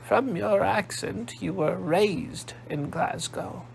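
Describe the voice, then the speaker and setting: A man voicing a sharp-eared, imperious old woman with a posh English accent, speaking slowly and probingly. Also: high voice, vocal fry, slight background noise, voice pushed up, exaggerated voice. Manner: slow, probing, commanding.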